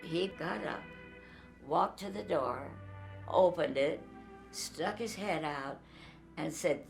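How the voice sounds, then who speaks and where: An older woman tells a story from her life with a deep, gravelly voice. She takes her time, leans into each moment, and acts out the voices of the people in it. Soft music plays faintly underneath. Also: slow, long pauses. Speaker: interviewee. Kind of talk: storytelling anecdote.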